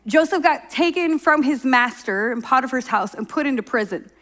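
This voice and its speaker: High-voiced woman preaching conversationally. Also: expressive, normal speed, fairly bright tone. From Oklahoma. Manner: conversational storytelling, acts out quoted voices. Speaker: pastor. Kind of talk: sermon.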